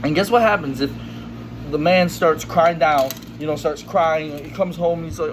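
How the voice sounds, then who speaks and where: A man's voice: a little high, moderate pace, noisy background. A man in a casual monologue to camera, blunt and emphatic, with lots of "you know". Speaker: vlogger.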